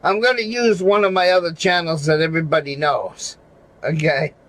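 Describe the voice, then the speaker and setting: A man's voice: fairly high pitch, steady tone, normal speed, fairly bright tone, dry recording, poor audio. A man chatting casually on a livestream, swearing, laughing and circling back to the same point again and again. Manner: rambling, repeats his point over and over; profane, laughs between phrases. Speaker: regular show panelist.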